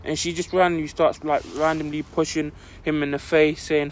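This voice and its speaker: A man's voice: fairly high pitch, level tone, moderate pace, slight background noise. A young man telling a story on a casual podcast, rambling and full of "like" fillers.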